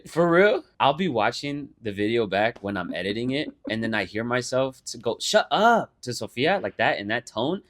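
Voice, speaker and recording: Young man, podcast co-host, casual chat, animated storytelling, mock voices, swearing. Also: mid-range voice, normal speed, hardly any pauses.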